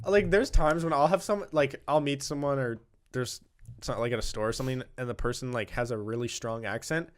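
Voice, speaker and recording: A young man chatting loosely on a podcast with friends. His voice sits at a middle pitch, and he rambles and restarts as he talks. He laughs easily between thoughts. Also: brisk. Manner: rambling, hesitant, laughs often. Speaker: podcast co-host. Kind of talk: casual chat.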